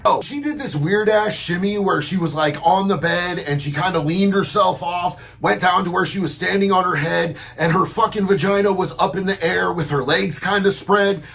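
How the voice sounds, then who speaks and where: High, gravelly man telling crude stories. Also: moderate pace, few pauses, a bit bright. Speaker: roast guest.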